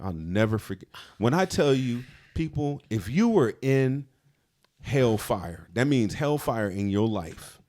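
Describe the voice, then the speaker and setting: A man's voice: medium pitch, very animated, unhurried, a little mellow. A man co-hosting a podcast, telling an emotional, confessional story from his past in casual talk. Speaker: podcast co-host.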